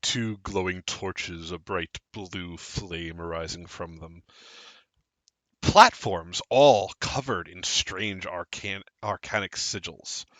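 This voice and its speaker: Slow-talking game master. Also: male voice, sits low, a bit bright, no echo. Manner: slow, descriptive narration. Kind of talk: narrating a tabletop game.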